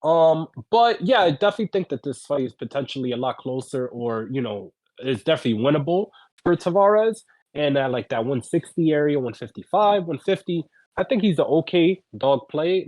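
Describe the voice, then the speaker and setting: A man co-hosting a casual betting podcast, measured and hedging, with many fillers. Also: a little high, expressive, a little mellow, dry recording. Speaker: podcast co-host, betting picks. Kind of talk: casual chat.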